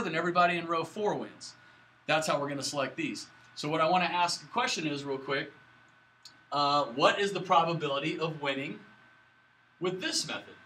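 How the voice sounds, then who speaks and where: A man's voice: fairly high pitch, sharp tone, poor audio. A man lecturing a statistics class at a whiteboard, in a casual, chatty way with jokey asides. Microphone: camera in the room, moving away to the board.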